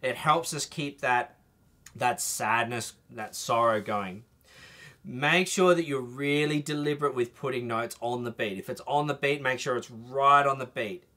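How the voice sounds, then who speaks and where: A man's voice: medium pitch, measured pace, bright, forceful tone. A man teaching a trumpet masterclass, explaining phrasing and singing short bits to demonstrate.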